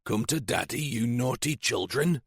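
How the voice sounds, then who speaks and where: A man's voice: medium pitch, animated, moderate pace, husky, no echo, clean studio sound. A man voicing a shrewd, sly older police sergeant, teasing and relishing menace. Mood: eager.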